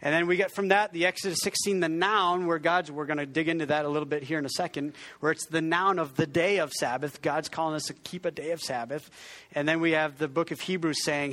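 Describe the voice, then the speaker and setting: Speaking fairly quickly with fairly even intonation, this pastor has a fairly high, slightly bright voice. His sermon is conversational and self-deprecating, marked by frequent restarts, and he has the congregation echo words back.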